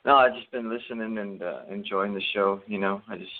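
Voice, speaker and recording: Low-key male caller, phone line. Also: fairly even intonation, brisk. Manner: low-key, hesitant, brief replies. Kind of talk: casual call-in radio chat.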